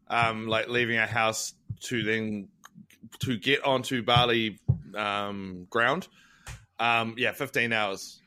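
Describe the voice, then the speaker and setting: A man's voice: fairly low pitch, steady tone, takes it slowly, sharp tone, smooth. A man hosting a podcast, chatting casually and telling rambling, swear-filled stories. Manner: rambling storyteller, swears freely. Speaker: podcast host.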